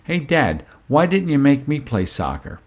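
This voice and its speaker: A man's voice: mid-range voice, sing-song, a little slow, pitched above the performer's own voice. A man voicing his young daughter, quoting her pleading lines in a slightly raised voice within his own story. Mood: questioning. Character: young girl, a tearful then demanding daughter.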